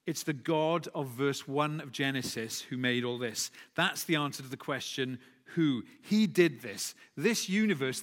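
Preacher in a reverberant church hall. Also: male voice, mid-range voice. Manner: conversational, with self-corrections and asides. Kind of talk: sermon.

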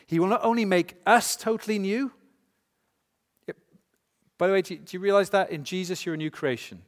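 A man's voice: high-pitched, brisk. A man preaching a sermon to a congregation, emphatic and full of rhetorical questions. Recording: long hall reverb.

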